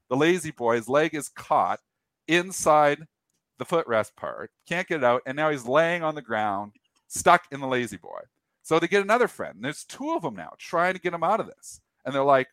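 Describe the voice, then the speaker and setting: A man's voice: fairly high pitch, normal speed, no room sound. Guy hosting a show telling a funny story, voices the quotes, dry mic. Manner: animated anecdote with acted-out quotes and restarts. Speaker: show host. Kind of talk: casual storytelling on a market show.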